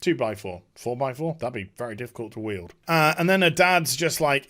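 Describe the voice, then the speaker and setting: A man's voice: medium pitch, brisk, few pauses, fairly bright tone. A man giving a sarcastic comedic recap, mimicking the characters as he retells the scenes. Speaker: video reviewer.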